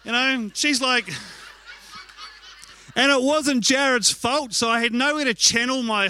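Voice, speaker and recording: A man preaching, telling animated, self-mocking stories and speaking candidly about himself. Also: very high-pitched, moderate pace, dry recording. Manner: candid and confessional. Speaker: pastor. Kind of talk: sermon with personal storytelling.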